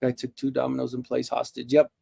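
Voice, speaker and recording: A man in his forties hosts a live toy stream, talking fast in a monotone with a mid-range voice that's creaky, dark and husky. His casual chat is laid-back and jokey, rambling loosely and often restarting sentences.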